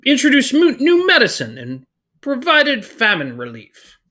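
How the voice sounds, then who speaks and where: A teacher putting on a playful, hammy British accent to play a stuffy upper-class British gentleman. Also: very high voice, huge pitch swings, unhurried, a little hiss or hum, pitched above the performer's own voice, exaggerated voice. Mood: mock posh. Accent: put-on British.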